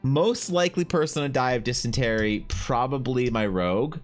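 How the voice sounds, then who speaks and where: A man's voice: mid-range voice, normal speed, soft background music. Rambling man chatting on stream. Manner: rambling, thinking aloud, answering chat. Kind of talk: casual chat with stream viewers.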